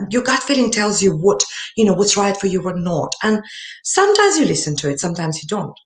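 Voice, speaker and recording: Earnest woman telling a story, echoey. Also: mid-range voice. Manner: earnest storytelling with many fillers and restarts. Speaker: summit speaker. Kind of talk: personal story talk. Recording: echoey room.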